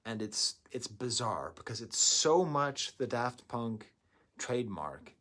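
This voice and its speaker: A man giving a casual album review, rambling into excitable asides. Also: medium pitch, slow pace. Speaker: music reviewer.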